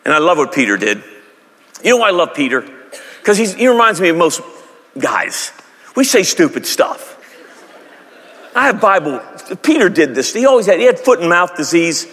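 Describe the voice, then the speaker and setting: A male pastor preaching with comic storytelling, jumping into voices for the people in his story. His voice sits high and swings widely. The sound carries a long reverb from a large hall. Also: normal speed, pauses often. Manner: animated, acts out characters in silly voices.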